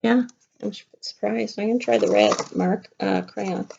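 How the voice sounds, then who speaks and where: A middle-aged kindergarten teacher chatting playfully to young children during a craft lesson at home. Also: female voice, mid-range voice, steady tone, normal speed, vocal fry, a little mellow, a little hiss or hum. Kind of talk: casual craft lesson to camera. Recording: dull lo-fi home video.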